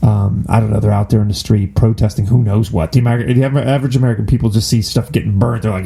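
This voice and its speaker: A man's voice: on the low side, steady tone, fast talker, creaky, few pauses, dark tone. A man hosting a political commentary show, talking in a sarcastic, mocking manner. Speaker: host.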